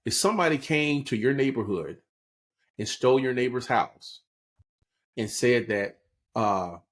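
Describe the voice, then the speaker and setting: A man co-hosts a podcast, explaining current events in a relaxed political discussion and often adding "right?" to check in. His medium-pitched voice is expressive, and he keeps a measured pace.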